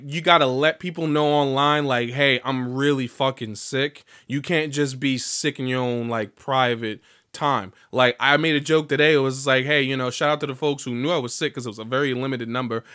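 Profane, animated podcasting man. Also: medium pitch, clear, resonant tone. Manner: profane, animated, breaks into sung bits. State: recovering from illness, voice slightly off. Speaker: podcast host. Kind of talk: casual solo podcast monologue.

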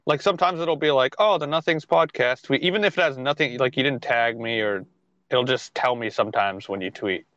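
A man's voice: mid-range voice, brisk, fairly bright tone, dry recording, highs cut off. A man co-hosting a podcast in casual chat, who laughs a lot and swears freely. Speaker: podcast co-host.

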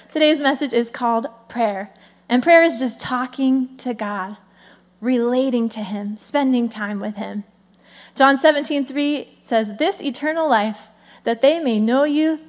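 A woman pastor in her thirties preaching in a friendly, conversational way. Her voice sits a little high, and she keeps the congregation engaged with quick asides. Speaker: lead pastor. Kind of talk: sermon.

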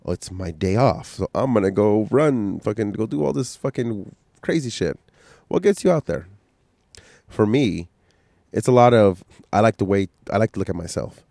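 A man's voice: on the low side, lively intonation, moderate pace, vocal fry, a little mellow, no echo, clean studio sound. A man with a stuffy, coughing cold, hosting a casual solo podcast and giving blunt, profane motivational talk. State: sick, coughing, stuffy nose. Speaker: podcast host.

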